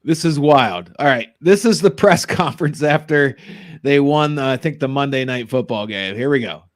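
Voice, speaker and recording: A man hosting a casual sports talk podcast, rambling and animated, quick to laugh. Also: mid-range voice. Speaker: podcast host.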